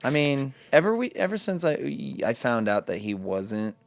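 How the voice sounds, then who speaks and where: A young man rants his way through a casual podcast chat, loud and swearing freely. His voice sits in the middle range. The close mic in a dry room keeps the sound tight and dry. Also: medium pitch, moderate pace, vocal fry, no room sound, soft background music. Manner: animated, ranting, swears often. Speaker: podcast co-host.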